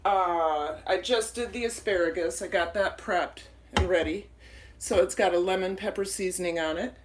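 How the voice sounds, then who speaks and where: A woman from Minnesota hosting a casual live cooking stream from her small home kitchen, chatty, rambling and quick to apologize. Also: fairly low pitch, noisy background. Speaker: cooking livestream host. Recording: kitchen clatter of dishes and pans.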